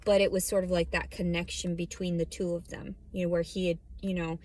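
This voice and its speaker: A woman's voice: on the low side, little pitch movement, brisk, darkish tone. A woman vlogging from her parked car, talking bluntly and rambling, with plenty of swearing. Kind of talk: casual vlog monologue. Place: parked car in a store lot.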